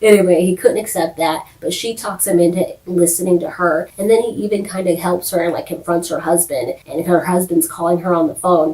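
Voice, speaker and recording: A woman with a slightly low voice hosts a laid-back video recap of a TV episode. She talks in a chatty, animated way and slips in quick impressions of the characters. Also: distant mic, rough recording. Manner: animated storytelling, quotes characters, frequent laughs. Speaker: YouTube show recap host.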